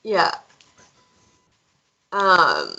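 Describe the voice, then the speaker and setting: A woman's voice: fairly low pitch, huge pitch swings, extremely slow, creaky, sharp tone, slightly rough, muffled recording. A woman playing a tabletop role-playing game who keeps pressing with questions. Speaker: player.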